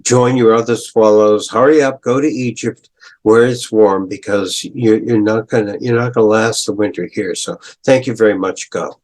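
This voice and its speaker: An older man voicing a sorrowful young prince statue who pleads gently, retold as a story in a lecture. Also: lowish voice, natural voice. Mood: gentle. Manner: pleading, repeats his refrain slowly.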